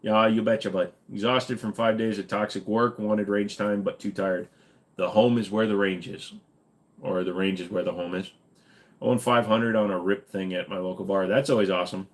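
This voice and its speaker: A man's voice: fairly low pitch, steady tone, moderate pace. Tired, cranky man chatting live. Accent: slight Minnesota. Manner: tired, cranky, wisecracking, swears offhandedly. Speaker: livestream host. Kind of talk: casual live Q&A chat.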